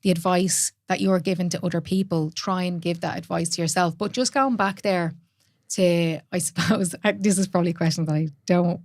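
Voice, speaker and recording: A woman's voice: on the low side, fairly even intonation, a little fast, darkish tone, dry recording, clean studio sound. A woman in her thirties with an Irish accent, hosting a podcast as a fitness coach, talking candidly in casual chat, swearing freely and laughing often.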